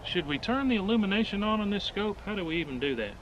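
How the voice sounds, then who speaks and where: A man's voice: high voice, expressive, fast, heavy background noise. A man hosting a casual outdoor shooting demonstration, talking in a folksy, joking and enthusiastic way, recorded on an action camera outdoors at a rural range. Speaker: firearms video host.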